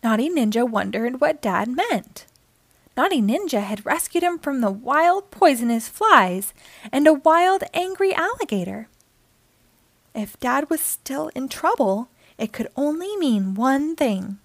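A woman hosting storytime, reading a children's book aloud with expressive storytelling. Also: high voice, measured pace, no room sound. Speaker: storytime host.

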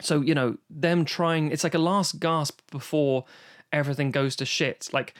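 Here a man with a fairly high pitch keeps a steady tone and a moderate pace as he co-hosts a podcast. Speaking from home in a lockdown-era remote recording, he gushes casually about an old film, swears freely, and rambles, often starting over.

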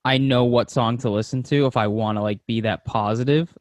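A man's voice: medium pitch, fairly even intonation, a little fast, no room sound. A man co-hosting a podcast, talking with enthusiasm and swearing casually. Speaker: podcast co-host. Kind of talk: casual chat.

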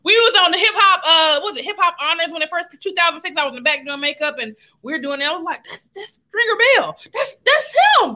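A woman's voice: very high voice, rapid-fire, hardly any pauses, sharp tone. A woman hosting a casual interview chat, playful and teasing, often laughing. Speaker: host.

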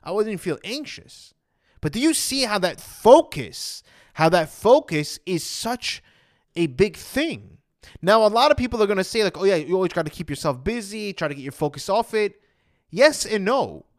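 A man's voice: high voice, big pitch swings, normal speed. A man talking casually as an anxiety coach, retelling his own past thoughts in a chatty way. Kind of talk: casual motivational talk.

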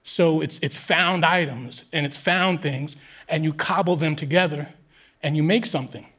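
A man explaining the past in a thoughtful, measured way at a live show, often restarting with "I mean". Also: fairly high pitch, fairly bright tone. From Queens, New York. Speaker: panel guest.

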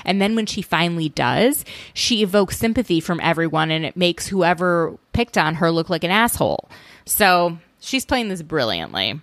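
A woman hosting a solo recap podcast in a casual, opinionated way. Her voice sits low with plenty of vocal fry. The sound is dry and close, and she talks with an exasperated edge. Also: big pitch swings, moderate pace, a bit bright, dry recording. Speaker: podcast host.

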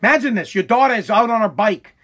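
A podcast host from Massachusetts rants through a heated monologue. His voice sits high for a man. He swears freely and speaks with fiery intensity. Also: quick pace, a bit bright. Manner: ranting, profane, fiery.

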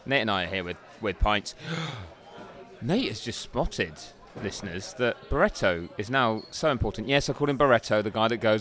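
Wry low-voiced man telling a story. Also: animated, moderate pace, a bit bright. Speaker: podcast co-host. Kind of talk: casual banter. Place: bar.

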